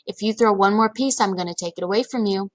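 A woman voicing a calm, matter-of-fact father of two boys in a storybook. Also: medium pitch, quick pace, dry recording, lightly acted. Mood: stern.

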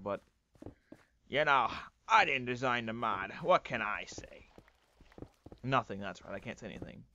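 A man doing excitable, swearing let's play commentary, ranting and often breaking into yells. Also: medium pitch, dull audio. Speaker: gaming YouTuber.

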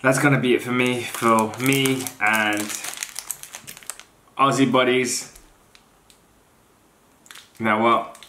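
Blunt bright-voiced man reviewing snacks. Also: medium pitch, fairly even intonation, takes it slowly, pauses often, slight background noise. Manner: blunt, unimpressed taste-tester. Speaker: fitness vlogger. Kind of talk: casual product review. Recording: roomy echoey room.

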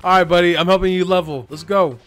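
A young man giving excitable commentary over his gameplay, laughing and yelping often. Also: high voice, quick pace, slight background noise. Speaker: gaming YouTuber.

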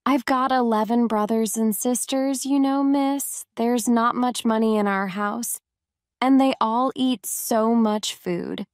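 A woman reading a storybook voices a kind, talkative young servant girl who speaks warmly and sometimes scolds gently. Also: on the high side, steady tone, slow, clear, resonant tone, dry recording, studio quality. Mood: chatty.

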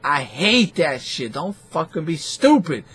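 A man's voice: on the high side, unhurried, breathy edge. A man hosting a boxing talk show, ranting in a profane, rambling and scornful way. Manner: foul-mouthed, animated, scornful.

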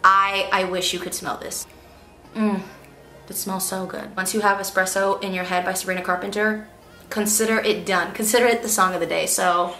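A woman's voice: medium pitch, fairly even intonation, normal speed, sharp tone, soft background music. A young woman chatting casually to the camera, rehearsing audition lines and criticizing her own takes. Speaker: voice actor vlogger. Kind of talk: casual vlog talking to camera.

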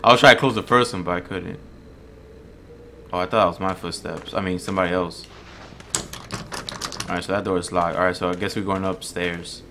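A man giving casual let's-play commentary on a horror game, jumpy and swearing, shouting when chased and stumbling when he reads aloud. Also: low voice, fairly even intonation, fairly quick, pauses often, background noise. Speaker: gamer playing a horror game.

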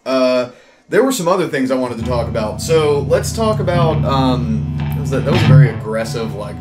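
A man's voice: medium pitch, expressive, normal speed. A man teaching guitar in a casual, rambling way, full of fillers and restarts. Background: loud electric guitar playing.

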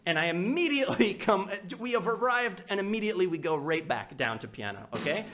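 A man with a high, expressive voice speaks fairly quickly, with a little hiss or hum in the recording and loud snare drumming behind him. Giving a live instructional walkthrough of a percussion etude, he counts out loud and sings rhythms using syllables.

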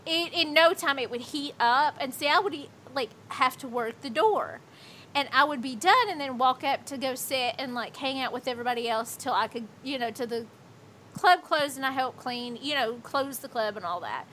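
High-voiced woman telling profane stories. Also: moderate pace, fairly bright tone, a little hiss or hum. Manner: profane, rambling, lots of "like". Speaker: livestreamer. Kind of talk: casual storytelling.

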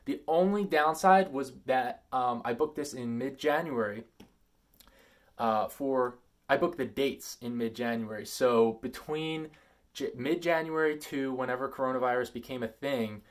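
A man talking casually in a vlog, reading out an email and commenting on it, with emphatic loud stresses and quieter asides. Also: a little slow. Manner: animated and emphatic, swinging between loud stresses and low asides. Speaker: vlogger.

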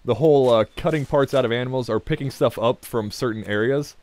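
A let's play gamer's medium-pitched, slightly mellow voice moves at a fairly quick clip. He rambles jokingly over the game, laughing readily, addressing the game, poking fun at characters and drifting into asides between bursts of action.

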